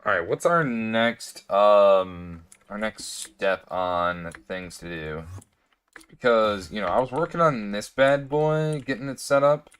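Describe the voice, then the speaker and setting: A gaming streamer talks to himself while playing a computer game, rambling casually and hiccuping now and then throughout the session. He takes it slowly in a fairly low, slightly bright voice with a clean tone.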